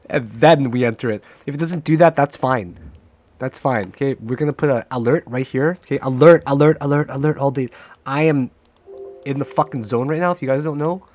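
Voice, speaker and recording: Commentating on his own trades in real time, a cocky, joking man gets worked up and profane, frequently shouting at the price chart and pleading with it. Medium pitch, normal pace, and no room sound at all.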